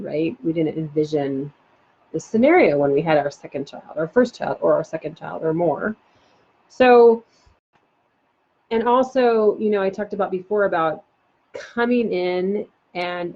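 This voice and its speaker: A woman parenting coach giving a live online talk, animated and chatty with many fillers. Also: medium pitch, slightly rough. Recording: dull lo-fi sound.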